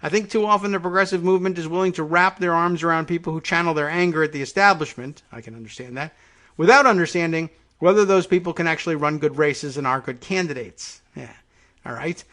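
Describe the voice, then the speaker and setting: Middle-aged guy reading news out loud, slightly higher voice, mutters dry side comments. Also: fast talker. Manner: drops to dry muttered asides between read passages. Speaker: podcast host. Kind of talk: reading news aloud with asides.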